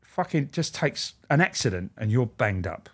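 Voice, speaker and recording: A man with a mid-range, slightly breathy voice speaks at normal speed about his days as a prison officer, swearing freely and speaking candidly. He animatedly acts out the voices of the people he quotes.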